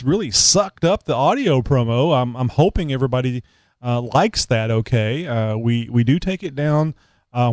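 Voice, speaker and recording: A man co-hosting a live talk show, joking and rambling in casual chat with frequent pauses and fillers. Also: mid-range voice, darkish tone, no echo. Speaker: co-host.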